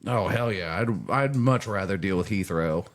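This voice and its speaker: A man's voice: low voice, animated, moderate pace. A man hosting a casual podcast chat, telling the story of his trip. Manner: chatty, storytelling trip recap. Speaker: podcast host.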